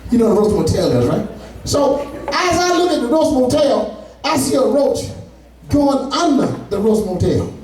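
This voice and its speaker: A man's voice: extremely high pitch, very animated, normal speed, a little mellow. A man doing a stand-up comedy set, telling loose, profane stories with asides to the audience. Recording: echoey room, far from mic.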